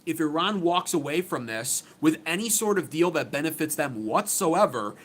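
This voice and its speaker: A man's voice: on the high side, lively intonation, moderate pace. Emphatic man giving political commentary. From United States. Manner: emphatic and sarcastic, with frequent restarts.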